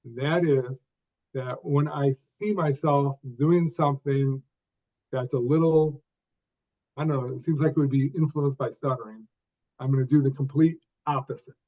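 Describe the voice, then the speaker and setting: An older man from the United States, telling his own story as an interview guest in short phrases, with pauses and repeated starts. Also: mid-range voice, steady tone, darkish tone. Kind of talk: conversational storytelling. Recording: dull lo-fi sound.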